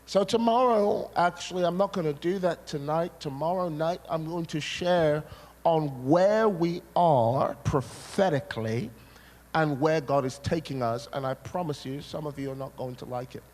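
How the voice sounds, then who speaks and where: Animated male preacher in echoey hall. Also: a little high, normal speed. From Scotland. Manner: animated storyteller, punchy repetition, jokey asides to the crowd. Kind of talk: sermon. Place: large hall at a church seminar. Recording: echoey hall, faint noise.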